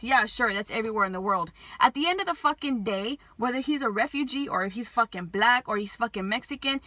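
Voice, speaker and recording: A woman's voice: a little high, sharp tone, no room sound. A woman telling an emotional story to her viewers, agitated, swearing constantly and restarting her sentences. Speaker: vlogger.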